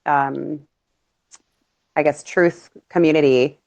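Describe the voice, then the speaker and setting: A woman's voice: deep voice, slow pace, creaky, highs cut off. A woman hosting a casual talk show, chatting with lots of fillers and laughs. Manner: animated, laughing, many fillers. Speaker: podcast host. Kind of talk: casual conspiracy chat.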